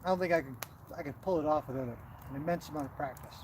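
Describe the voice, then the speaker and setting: A man with a Canadian West Coast accent chats casually on a livestream, rambling along with plenty of fillers. His voice sits slightly high. Traffic and animal sounds come through clearly behind him. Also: very fast. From Canada, West Coast near Vancouver. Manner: relaxed, rambling, many fillers. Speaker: co-host of a livestream. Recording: noisy background with animals and traffic.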